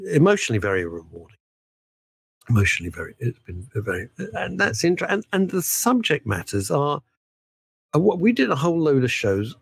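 A man's voice: medium pitch, creaky, husky, dry recording. A man, a veteran broadcaster talking as a guest in a podcast interview, emphatic and full of asides. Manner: animated, emphatic, frequent laughs and asides.

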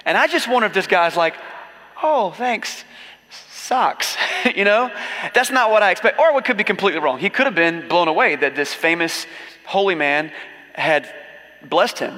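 A man's voice: fairly high pitch, bright, forceful tone, big-room sound. A man preaching a sermon as a pastor, in a casual, joking storytelling manner with acted asides.

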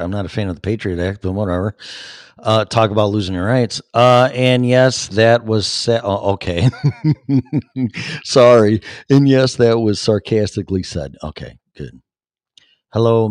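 Hosting his own podcast, a man in his fifties rambles through live chat comments, reading and replying with plenty of fillers and false starts. He has a fairly low, darkish voice, captured in clean, echo-free studio sound.

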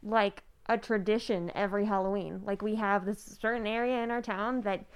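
A woman's voice: medium pitch, normal speed, smooth. A woman not from the Midwest, chatting casually and animatedly as a cast member on a talk show. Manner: animated, rambling, many "like"s. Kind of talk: casual chat.

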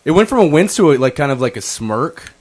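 A man talks fast as a co-host on a relaxed studio show. He keeps up quick banter and play-by-play remarks. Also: fairly high pitch, breathy edge. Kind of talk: casual studio chat.

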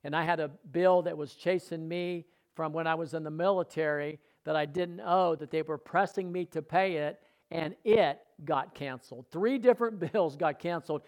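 A man's voice: a little high, normal speed, few pauses. A man preaching a sermon, telling his own testimony earnestly, repeating phrases for emphasis and dropping his voice for asides.

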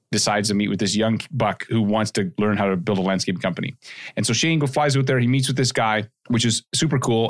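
Fast-talking male podcast host. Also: on the low side. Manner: energetic, chatty, quick storytelling with asides. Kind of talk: solo podcast storytelling.

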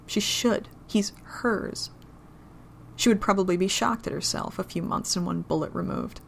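A woman reading an adult romance story aloud in a low, intimate, steady manner. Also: normal speed, vocal fry, slight background noise. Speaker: narrator.

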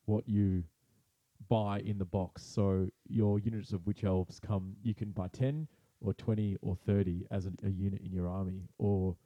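A lowish male voice, recorded close and dry, explaining hobby rules with easy enthusiasm. He is a podcast co-host chatting among friends. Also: fairly even intonation, moderate pace, no room sound, dull audio. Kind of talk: casual hobby chat.

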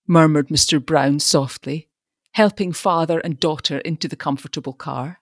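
A woman narrating an audiobook with expressive storytelling. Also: sits low, moderate pace, no echo, clean studio sound.

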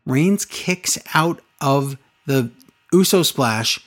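A man in casual chat, retelling events with lively, acted-out quotes. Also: medium pitch. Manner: animated storytelling, quick acted-out quotes. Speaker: podcast co-host recapping wrestling.

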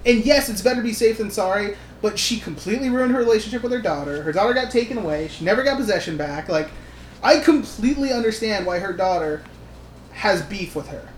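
Casual podcast co-host, a man retelling movie scenes with loose swearing; roomy recording with a faint hiss. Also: sits high. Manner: animated, swearing, acting out scenes in quick quoted voices.

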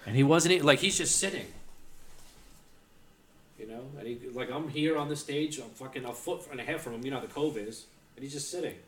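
A man's voice: medium pitch, a little fast, long pauses, a bit bright, a little hiss or hum. A man, co-hosting a casual podcast and telling profane stand-up stories. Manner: profane storytelling, acts out crowd exchanges. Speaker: comedian co-host.

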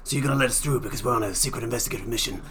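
A man's voice: medium pitch, very fast, a bit bright, slight background noise. A man playing a tabletop role-playing game, joking and playful as he talks. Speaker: player. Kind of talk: tabletop role-play banter.

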